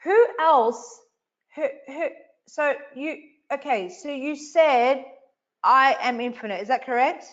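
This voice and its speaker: A woman's voice: sits high, takes it slowly, fairly bright tone, highs cut off. A woman hosting a live online coaching session, emphatic and repetitive, swearing casually as she speaks to viewers. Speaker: online event host.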